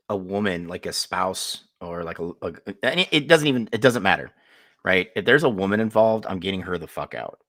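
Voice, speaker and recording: A man's voice: low-pitched, a bit bright, dry recording, clean studio sound. A man co-hosting a podcast who once led soldiers, talking bluntly in casual chat with lots of swearing. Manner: blunt, profane, frank. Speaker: podcast co-host, former military leader.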